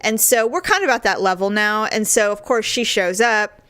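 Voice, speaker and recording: Middle-aged woman, animated podcast talk. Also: medium pitch, normal speed, no room sound. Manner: animated storyteller, acts out quoted voices with big jumps. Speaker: podcast co-host. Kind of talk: casual chat.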